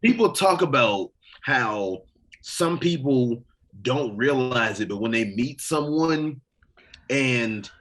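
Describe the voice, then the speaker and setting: A man's voice: medium pitch, expressive, slow pace, fairly bright tone. A man co-hosting a podcast in casual, rambling chat, swearing freely. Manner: rambling, profane, full of fillers. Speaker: podcast co-host.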